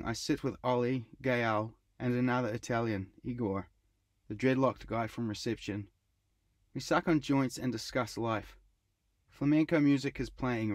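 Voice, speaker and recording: A middle-aged man narrating his own travel writing in a measured, wry first-person reading. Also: medium pitch, darkish tone, dry recording. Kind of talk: scripted audiobook narration.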